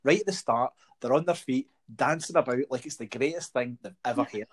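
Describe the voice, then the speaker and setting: A middle-aged man with a Scottish accent tells wry, swear-laden stories in an easy chat. His voice has a husky edge and sits at an ordinary pitch. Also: brisk. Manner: wry storytelling, swears freely. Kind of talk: casual chat.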